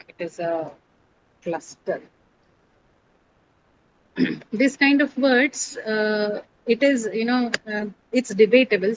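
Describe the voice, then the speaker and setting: Woman teacher going over pronunciation in a classroom, lots of uh's, fixes her own slips, quizzes the class, faint background hum. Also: mid-range voice. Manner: explains step by step, quizzes students, corrects herself, many fillers.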